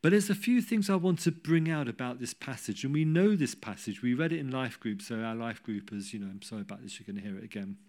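A man preaching a sermon, telling a Bible story with humorous asides and rising to loud cries when he quotes. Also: medium pitch, fast talker, hardly any pauses.

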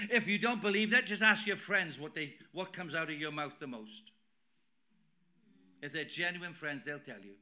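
A middle-aged man preaching a sermon in a church, emphatic, swinging between loud declarations and quiet asides. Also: a little high, lively intonation, normal speed. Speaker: pastor.

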